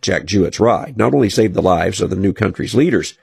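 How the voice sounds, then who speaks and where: Gravelly-voiced man narrating a radio story. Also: low voice, animated, a little mellow, no room sound. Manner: measured storytelling delivery. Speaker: radio segment host.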